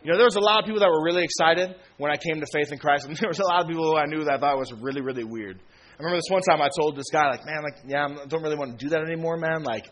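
A man in his thirties preaching a sermon in a relaxed, slangy way, acting out conversations with old friends. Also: a little high, racing, muffled recording, crowd noise. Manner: casual, slangy, acts out quoted friends with laughs. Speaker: pastor.

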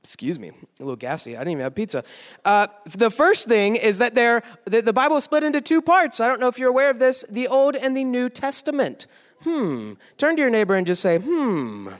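A young man giving a joking youth sermon, teasing the crowd with quick asides in a large worship hall. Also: very high voice, lively intonation. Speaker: youth pastor. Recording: echoey hall.

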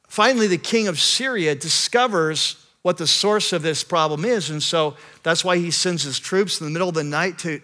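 A man preaching a sermon to a congregation as pastor, telling a scripture story with animated delivery and frequent restarts. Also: on the high side. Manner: animated storyteller, building intensity with repeated restarts. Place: church service with a live congregation.

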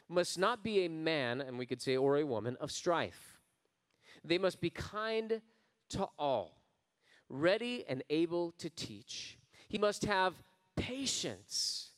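Man preaching in a reverberant hall. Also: a little high. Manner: preaching with swells of emphasis and quiet drops; folksy storytelling. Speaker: pastor. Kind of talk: sermon.

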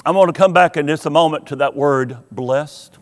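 High-voiced preaching pastor in echoing hall. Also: male voice. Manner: earnest preaching, drawn-out emphatic words. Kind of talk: sermon. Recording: long hall reverb.

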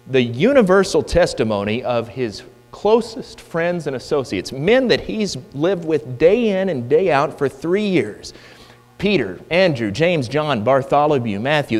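Emphatic male preacher in a reverberant hall. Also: mid-range voice. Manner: emphatic, rhetorical questions. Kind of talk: sermon. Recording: long hall reverb with mains hum.

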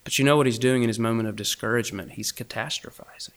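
A man preaching a sermon as a campus minister, swinging between loud animated emphasis and hushed whispers. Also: mid-range voice, rapid-fire.

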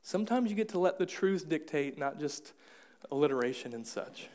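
Man, pastor, high voice, conversational sermon, quick asides. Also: animated, a little mellow. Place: church.

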